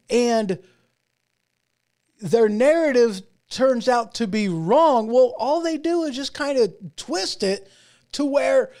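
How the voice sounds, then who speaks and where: A man's voice: very high voice, a little mellow. A man hosting his own show, giving casual political commentary in a rambling, emphatic way with sarcastic asides. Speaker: host.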